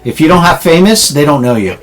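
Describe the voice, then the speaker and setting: A man's voice: a little high, animated, fairly quick. A man running a tabletop game as game master, describing scenes with frequent restarts.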